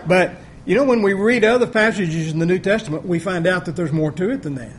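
A man preaching a sermon in a plain, folksy, conversational way, with a notably high voice for a man. He walks through scripture and acts out the voices of the people he quotes. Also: brisk, a little hiss or hum. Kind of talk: sermon, Bible teaching.

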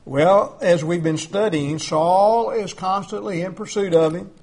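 With a pitch that sits far higher than typical for a man, this preacher talks his way through a sermon emphatically and conversationally, restarting and using fillers as his points take shape. He goes a little slow, and his tone is somewhat dark.

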